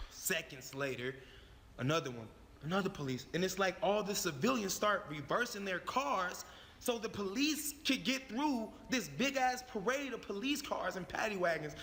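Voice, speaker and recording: A man's voice: high voice, animated, normal speed, sharp tone, a little hiss or hum. A young man telling his own story in a heated, profane, emphatic way. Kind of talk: animated storytelling. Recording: long reverb on the voice.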